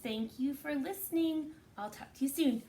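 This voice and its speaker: A woman's voice: high-pitched, moderate pace, mellow, a little hiss or hum. A woman teaching a phonics lesson to kindergarten children, patiently sounding out words.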